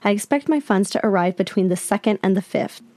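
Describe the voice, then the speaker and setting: A woman reading aloud the messages of a rude, abusive male scam guest, slowly and a bit higher than her usual voice. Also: mellow, no echo, natural voice. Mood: polite. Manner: slow, slightly raised reading of quoted messages.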